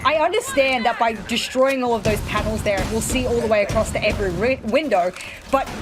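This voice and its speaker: A woman's voice: on the high side, fairly quick, music in the background. Sarcastic female esports caster. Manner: dry, sarcastic, flowing tactical analysis. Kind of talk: live game commentary.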